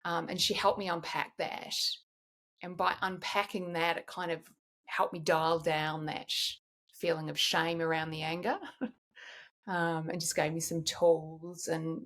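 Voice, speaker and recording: A woman's voice: low voice, level tone, measured pace, a bit bright. A woman in her forties, a guest in a candid podcast conversation, talks in a reflective way and often restarts while she searches for words.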